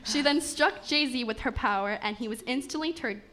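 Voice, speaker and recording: A woman with a somewhat high voice reads a comic fairy tale aloud. She keeps a steady pace, tripping over a word now and then and starting again. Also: normal speed, a little hiss or hum. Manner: steady reading with small stumbles and restarts. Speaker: story narrator. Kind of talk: reading a comic story aloud.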